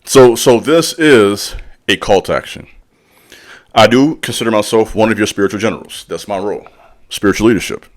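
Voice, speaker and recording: A man's voice: on the low side, a little fast. A man giving a blunt motivational talk as a spiritual leader, using casual slang, calling out the listener directly and repeating lines for emphasis. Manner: preachy, direct, calls out the listener. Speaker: channel host and spiritual speaker. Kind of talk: motivational monologue.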